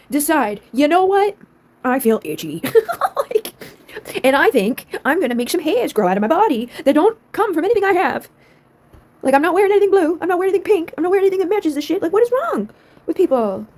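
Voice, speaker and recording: A woman's voice: high voice, a little mellow. A young woman ranting in a casual vlog, exasperated, swearing often and laughing between lines.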